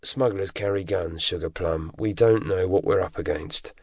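A man playing a lazy, complacent veteran male officer who drawls slowly. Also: low-pitched, gravelly, darkish tone, husky, dry recording, clean studio sound, full character voice. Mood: smug.

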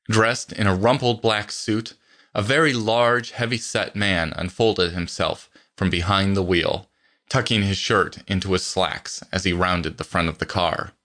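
Male audiobook narrator, low voice, bright tone, lively, wry first-person reading.

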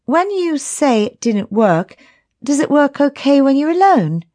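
A woman's voice: high voice, very animated, measured pace, darkish tone, pitched above the performer's own voice. A woman narrator voicing the heroine's own dialogue, a direct, teasing young woman.

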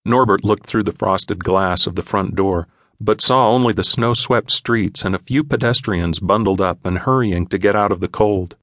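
Low-voiced man narrating a children's book. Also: moderate pace, a bit bright, no echo, clean studio sound. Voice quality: folksy, playful storytelling. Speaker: audiobook narrator. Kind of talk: scripted narration of a children's novel.

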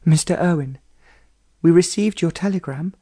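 A man's voice: on the high side, moderate pace, dark tone, voice pushed up, natural voice. A man voicing an anxious young noblewoman who stays composed though shaken, in a raised, careful voice.

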